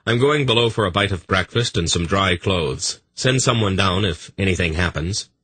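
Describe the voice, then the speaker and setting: A man's voice: low voice, animated, moderate pace, bright, forceful tone, breathy edge, no room sound, full character voice. A man reading an earnest young king. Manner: earnest, apologetic but firm. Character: young male leader, earnest, firm.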